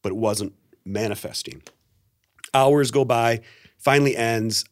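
A man's voice: medium pitch, a little slow. A middle-aged man, a pastor and guest, telling a personal story in a podcast interview and acting out the quotes. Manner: animated storyteller, acts out quotes.

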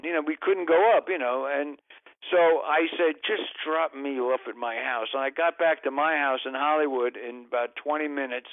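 A man's voice: on the high side, normal speed, dry recording, phone-quality sound. A man telling long comic anecdotes as a podcast guest, rambling and interrupting himself. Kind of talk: casual storytelling.

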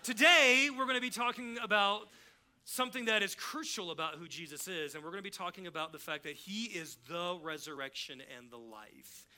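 A man's voice: high voice, brisk, bright, forceful tone. A middle-aged man preaching a sermon as pastor in a church, telling stories conversationally and acting out the dialogue. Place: church sanctuary.

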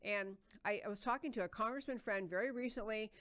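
A woman's voice: mid-range voice, quick pace, fairly bright tone. Emphatic woman hosting political talk. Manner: earnest, emphatic, with many fillers and restarts. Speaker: talk show host. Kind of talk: political commentary monologue.

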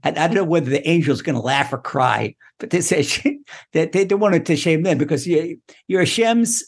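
A man giving a Torah lesson in an animated, repetitive way, acting out prayers and laughing often. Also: a little high, moderate pace, husky. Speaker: Torah teacher.

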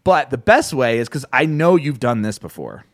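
Rambling, profane podcast host, dry sound. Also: male voice, medium pitch, normal speed, dry recording. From New Jersey. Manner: rambling, profane, animated, with many restarts. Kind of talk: casual chat.

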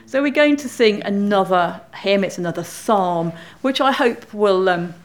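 A woman's voice: mid-range voice, lively intonation, unhurried. Chatty woman leading a church service. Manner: informal, chatty address to the congregation. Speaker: worship leader.

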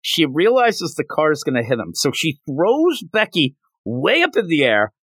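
A male podcast host gives a casual, rambling recap of a manga chapter, filled with fillers. His slightly rough voice is animated, jumping around in pitch at a moderate pace. The recording is close and dry, with no room echo.

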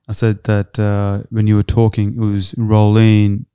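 A man hosting a podcast, asking questions casually with halting restarts and fillers. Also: fairly low pitch, monotone, warm tone, smooth, dry recording, studio quality. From India. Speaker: podcast host. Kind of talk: casual interview chat.

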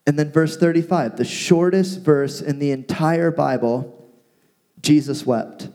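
A man co-hosting a casual talk, retelling a Bible story with playful asides and lively paraphrase. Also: on the high side, a little slow. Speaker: podcast co-host teaching from the Bible. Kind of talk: casual Bible teaching chat.

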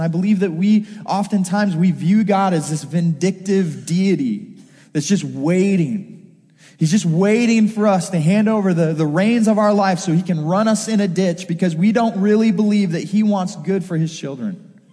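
A man in his thirties preaching with a bright, high-pitched voice. He tells a story and acts out the quotes with energy. His voice rings through a reverberant church hall. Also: moderate pace. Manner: storytelling with lively acted-out quotes. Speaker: pastor. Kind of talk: sermon.

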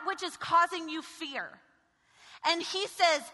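A woman preaching a sermon in a high, bright voice. She moves from loud, forceful commands to quiet, intimate passages. Her voice rings through a church with long reverb. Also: a little slow. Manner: dynamic, shifting from shouted commands to hushed intimacy. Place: church sanctuary.

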